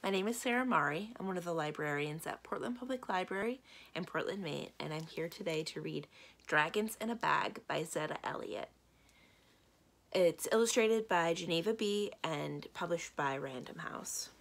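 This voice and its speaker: A woman librarian reading a children's chapter book aloud with steady storytelling. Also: fairly low pitch, moderate pace.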